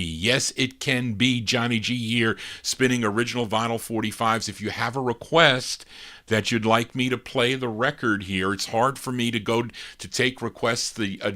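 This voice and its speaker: Middle-aged man, record show host, fairly low voice, forceful bright tone, chatty rambling DJ patter. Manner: chatty, rambling, piles on record-label and date details. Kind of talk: casual DJ patter between records.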